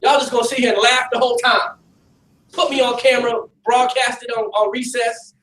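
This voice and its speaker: High-pitched pastor guy preaching streetwise to a crowd, echoey room, mic kinda far off, bit of hiss. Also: fairly quick. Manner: streetwise, animated, talks with the audience. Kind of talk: preaching to young people in a facility.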